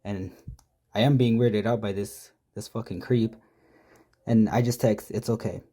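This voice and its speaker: Low mellow guy reading out creepy texts, swearing and mocking the whole time. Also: fairly even intonation, measured pace, a little hiss or hum. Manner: profane, mocking, exasperated commentary. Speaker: prank storyteller. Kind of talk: casual storytime reading out texts.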